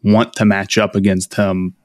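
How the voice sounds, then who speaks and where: A man's voice: on the low side, little pitch movement, normal speed, no room sound, clean studio sound. A man hosting a casual podcast chat, easygoing and thinking aloud. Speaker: podcast host.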